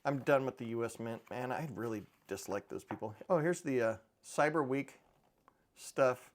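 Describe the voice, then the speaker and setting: A man's voice: medium pitch, moderate pace. Rambling middle-aged man chatting to camera. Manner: rambling and offhand, dry humor. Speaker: precious metals channel host. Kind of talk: casual chat to camera.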